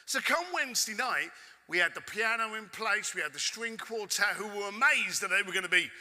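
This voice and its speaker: A man with a London accent telling a cheeky, animated story to a conference audience, swearing casually. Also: high-pitched, a little fast. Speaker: keynote speaker. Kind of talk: storytelling keynote. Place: conference hall stage with audience. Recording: echoey hall with long reverb.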